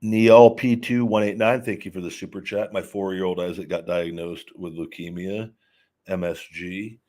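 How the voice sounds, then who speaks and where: A man's voice: low voice, fairly even intonation, moderate pace, mellow. A man hosting a livestream, talking casually and rambling, with lots of repeated words and restarts as he answers viewer chat questions. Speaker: podcast host.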